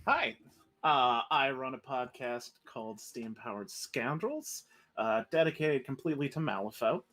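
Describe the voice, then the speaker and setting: A man's voice: medium pitch, lively intonation, unhurried, a bit bright. A man who plays and runs a podcast, rambling casually and trailing off. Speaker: player and podcaster. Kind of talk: casual chat.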